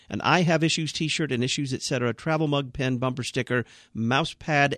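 A man hosting a live radio talk show, briskly reading out phone numbers, contest prizes and contact details. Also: medium pitch, fairly bright tone, dry recording, clean studio sound. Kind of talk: radio host announcements. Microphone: studio mic.

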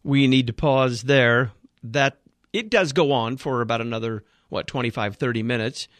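A man's voice: medium pitch, moderate pace, a bit bright, no echo. A man hosting a radio program, critiquing a sermon he has just played in an emphatic, preaching manner.

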